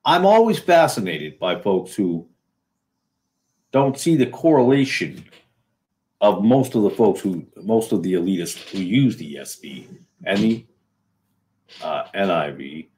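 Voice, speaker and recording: A man's voice: sits low, sing-song, a little slow, pauses often, a little mellow. A man from New England hosting a casual solo video, talking in a sarcastic, rambling way with many fillers and restarts. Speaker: video host.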